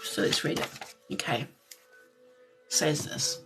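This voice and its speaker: A woman giving a live tarot reading in a soft, gentle way, pausing often and sometimes tearful. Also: lowish voice, vocal fry, faint music behind. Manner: emotional, tearful at times. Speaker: tarot reader.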